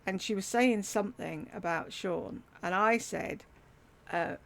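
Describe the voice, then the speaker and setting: Gravelly woman telling her story. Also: medium pitch, a little slow, fairly bright tone. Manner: candid, wry, swears casually. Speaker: YouTuber telling a life story. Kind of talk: casual personal storytelling. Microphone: desktop USB mic.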